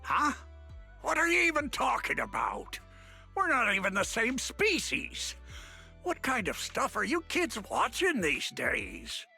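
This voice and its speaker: A gravelly old sea captain. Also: male voice, very high-pitched, wildly swooping pitch, measured pace, bright, forceful tone, full character voice. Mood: bewildered. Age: older. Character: gruff old male sea captain, weary and regretful. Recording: game audio with music behind.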